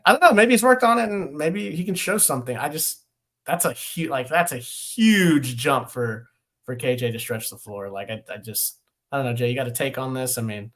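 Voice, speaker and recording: A man co-hosts a relaxed basketball podcast. His voice sits at a middle pitch, and he laughs between points and fills his sentences with "uh" and "man". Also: moderate pace. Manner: laughing, filler-heavy, says "man" often. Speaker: podcast co-host. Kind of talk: casual sports chat.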